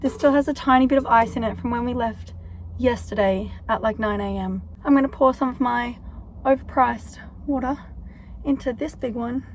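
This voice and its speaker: A woman's voice: on the high side, normal speed, a little hiss or hum. Sick young Australian woman vlogging. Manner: chatty, rambling with many "like" fillers. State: sick, coughing and hoarse. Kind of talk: casual vlog chat to camera.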